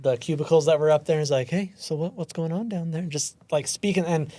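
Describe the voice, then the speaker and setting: Slightly high-voiced man, casual host. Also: a little fast, warm tone, no echo. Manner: self-deprecating, quotes others in the story. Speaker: podcast host. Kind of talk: casual storytelling chat.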